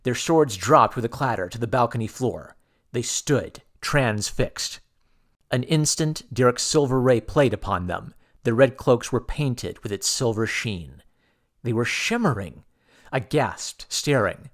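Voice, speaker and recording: Guy reading an old pulp sci-fi audiobook, first person, dramatic and steady, normal pitch. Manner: measured, dramatic storytelling. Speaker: audiobook narrator. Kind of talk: scripted first-person narration.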